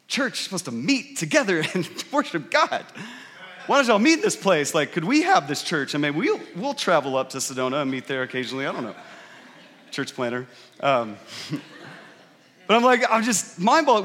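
A man's voice: on the high side, very animated, normal speed, a bit bright. A middle-aged man, a pastor, preaching a sermon in a church in a conversational storytelling way and often asking the congregation questions. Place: church sanctuary. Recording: reverberant hall.

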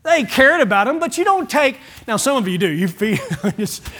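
A man preaching a sermon as pastor, folksy and animated, swinging from loud to hushed. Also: extremely high pitch, normal speed, a little hiss or hum.

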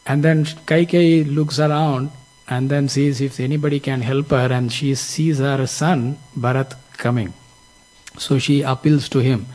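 A man's voice: mid-range voice, fairly even intonation, a little slow, a little mellow, poor audio. A man teaching from a scripture story, explaining its lessons in a reflective, explanatory way. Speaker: spiritual teacher.

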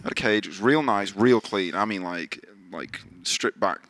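A man with a fairly low voice hosts a podcast in casual conversation. He swears freely and slips into other people's voices when he quotes them. His mic sounds close and dry, with little room around it. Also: moderate pace, fairly bright tone, no echo. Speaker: podcast host. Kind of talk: casual storytelling chat. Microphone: podcast microphone.

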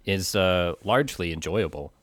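A man co-hosting a casual movie podcast, speaking in a measured way with frequent uh and um pauses. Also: low voice, animated, no echo. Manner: measured, hesitant with "uh" and "um" fillers. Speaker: podcast co-host.

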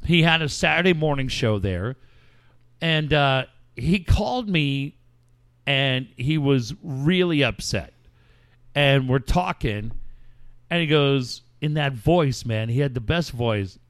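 A man's voice: medium pitch, lively intonation, takes it slowly, a bit bright, no echo. A man hosting a podcast, telling long stories in casual, profanity-heavy chat. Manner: profane, rambling storyteller. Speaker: podcast host.

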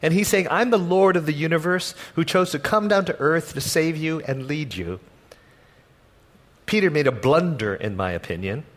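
A man delivering a sermon as a pastor, his voice sitting a little on the higher side. He tells the story in an animated, humorous way, acting out its characters as he goes. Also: moderate pace.

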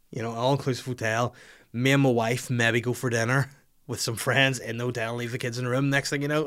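A man's voice: medium pitch, steady tone, brisk, fairly bright tone. A man, hosting a podcast in casual, rambling comic banter full of crude jokes. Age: 30s. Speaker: podcast host. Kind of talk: casual chat.

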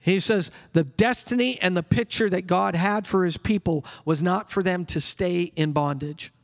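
A male pastor preaching an exuberant sermon. He bursts into yelling at times and leads the congregation in call-and-response. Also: high-pitched, normal speed, vocal fry, in a large hall. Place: church sanctuary.

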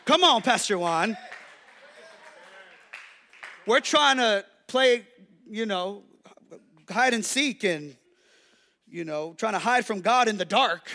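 A man pastor preaching a sermon with lots of energy, acting out the voices of God and the devil. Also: high-pitched. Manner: preaching to a congregation, playing the devil's and God's voices; energetic, with quick restarts and repeated calls.

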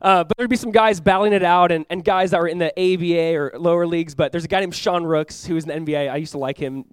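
A young man from Southern California preaches, his voice sitting high and his words coming quickly. He tells his story in an animated way and acts out the people he quotes. The sound is dry and close. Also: smooth, no echo. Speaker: pastor. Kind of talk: sermon.

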